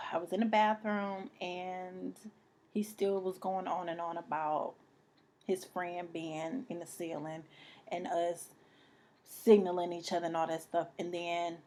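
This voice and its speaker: A young woman tells her own story straight to camera in an unhurried, low-pitched voice. Her delivery is halting and emotional, full of repeated phrases and restarts, and at times she drops almost to a whisper. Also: darkish tone. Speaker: vlogger telling a personal story.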